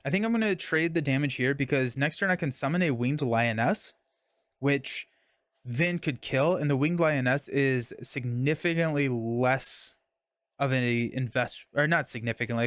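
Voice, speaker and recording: A man's voice: medium pitch, normal speed, dry recording, studio quality. A young man casually streaming a card game, talking through his moves and chatting with viewers. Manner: chatty, reads chat and thanks viewers mid-game.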